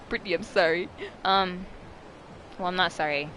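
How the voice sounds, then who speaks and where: A vlogger telling a story in a casual, rambling and dramatic way, mocking themselves and breaking into sudden high-pitched shrieks. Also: a little slow, sharp tone, slight background noise, poor audio.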